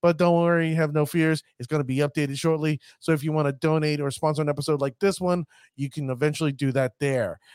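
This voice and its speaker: A man hosting a casual podcast, talking like a showman with hype and drawn-out emphasis. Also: on the high side, fairly even intonation, darkish tone, clean tone, no echo, studio quality. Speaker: podcast host.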